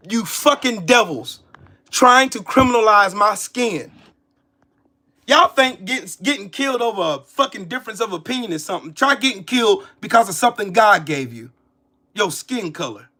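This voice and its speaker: Forties male streamer, heated and cursing, raised pitch, sharp edgy tone. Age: 40s. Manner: profane, heated, repetitive. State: pissed off with a headache. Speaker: political commentary streamer. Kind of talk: angry ranting commentary.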